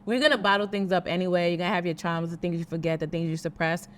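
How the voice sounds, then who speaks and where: A woman with a Brooklyn accent chats casually outdoors, telling stories with animation and slipping into quoted voices. Her voice sits somewhat low. Faint street ambience hangs behind her. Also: fairly even intonation, racing, slight background noise. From Brooklyn, New York. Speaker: actress and guest. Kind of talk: casual conversation.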